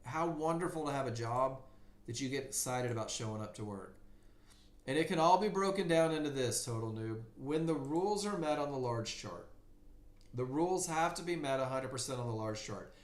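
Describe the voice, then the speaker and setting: A man's voice: medium pitch, moderate pace, reverberant. A man teaching a live trading webinar, telling his own story candidly and acting out voices in his head. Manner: candid, animated storytelling with mock inner voices. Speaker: trading class instructor. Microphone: computer mic in a live stream.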